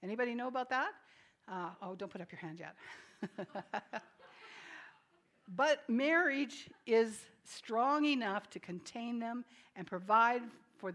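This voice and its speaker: This woman's sermon is delivered at a medium pitch, addressed straight to the congregation with repeated questions. Her tone moves from emphatic pronouncements to gentle, hushed asides that poke fun at herself.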